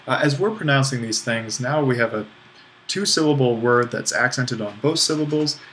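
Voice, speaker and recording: Guy walking through greek accent rules in a video lesson, mid-pitch voice, bit of hiss behind him. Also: animated, moderate pace, fairly bright tone. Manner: explanatory, self-deprecating, with fillers. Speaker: Greek language instructor. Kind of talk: recorded online lesson.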